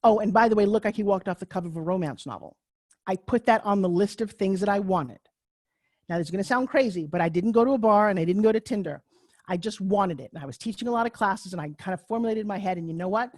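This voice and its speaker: A woman in her sixties giving a live online class as a pitch coach, in a chatty, joking, candid storytelling way over a video call. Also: fast, darkish tone, dry recording, clean studio sound. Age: 60s.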